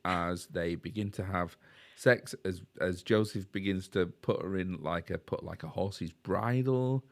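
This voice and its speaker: Low-voiced Yorkshire man recapping a film. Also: a little slow, creaky. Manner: rambling retelling with fillers and tag questions. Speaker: podcast co-host. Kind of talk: casual film recap chat.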